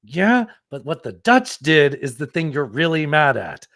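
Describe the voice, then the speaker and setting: Lively, rambling podcast host. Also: male voice, fairly high pitch, a little slow, dry recording. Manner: rambling, animated, swears casually. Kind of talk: casual podcast chat. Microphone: studio microphone.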